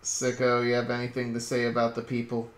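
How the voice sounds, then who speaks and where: A man hosting a casual late-night stream chat from home, rambling and jokey with halting restarts. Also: mid-range voice, monotone. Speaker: stream host. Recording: roomy echo.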